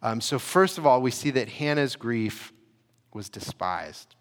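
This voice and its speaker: A man's voice: mid-range voice, expressive, measured pace. A man preaches a sermon in an easy, conversational manner, stopping now and then to restart a phrase. His voice sits in the middle of the range. The sound rings out with the long reverb of a big hall. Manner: conversational, frequent "you know" and restarts. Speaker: pastor.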